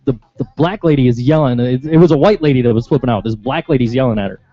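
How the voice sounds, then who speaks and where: A man's voice: medium pitch, fast talker, mellow, no room sound, highs cut off, faint music behind. A man with a Western New York accent on a casual talk show, telling a rambling, swear-filled anecdote with laughs. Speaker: show regular. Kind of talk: casual banter.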